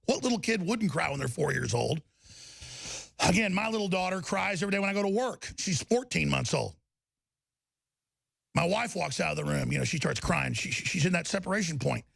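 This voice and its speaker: A man's voice: a little high, animated, a little fast, gravelly, fairly bright tone, slightly rough, no echo. A man hosting a talk show, delivering heated, emphatic political commentary and repeating words as he gets riled up.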